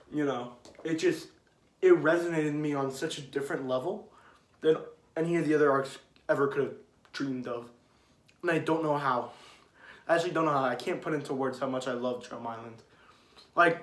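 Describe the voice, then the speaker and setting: A man rambling casually and excitedly about his favorite manga arcs, swearing and trailing off. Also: fairly high pitch, roomy sound. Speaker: manga video creator.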